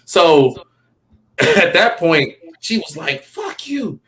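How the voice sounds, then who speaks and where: A man's voice: fairly high pitch, lively intonation, very slow, fairly bright tone, a little hiss or hum. A man, a comedian, telling stories in a casual, rambling interview and checking in with "you know what I mean" often. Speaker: comedian guest. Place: Los Angeles.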